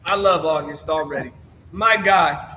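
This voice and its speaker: A man hosting a livestream show in a loud, upbeat, slangy way, often yelling. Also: on the high side, unhurried, slight background noise. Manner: energetic, yells a lot, slangy. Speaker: show host. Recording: echoey room with a long reverb.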